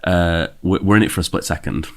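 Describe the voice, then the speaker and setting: Deep-voiced man telling a story fast. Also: gravelly. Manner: joking, rambling with restarts and fillers. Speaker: podcast co-host. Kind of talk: casual storytelling chat.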